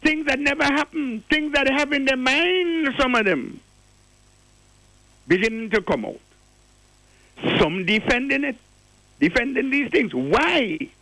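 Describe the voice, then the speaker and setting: An older man speaks in a strikingly high, bright voice, sermonizing like a preacher as he calls in to a radio show. His delivery is rhetorical and insistent, hammering on single words to make his point. The sound is close and dry, with no room around it. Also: lively intonation, unhurried, pauses often, no room sound, low-quality recording. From Grenada. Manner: preachy, rhetorical, repeats key words for stress. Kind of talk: impassioned call-in commentary.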